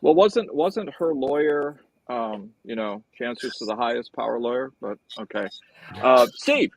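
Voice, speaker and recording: A man's voice: mid-range voice, normal speed, no echo, low-quality recording. A man hosting a casual panel discussion, teasing his guests and handing the floor around. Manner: animated, teasing, hands off to panelists. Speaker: host.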